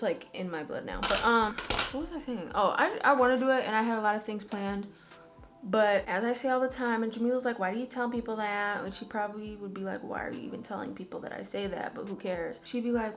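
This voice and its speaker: A young woman chats through a beauty vlog at home in a loose, rambling way. She talks candidly and drops slangy asides as she goes. Her voice sits at a middle pitch. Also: a bit bright. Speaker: beauty vlogger. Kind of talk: casual chatty vlog.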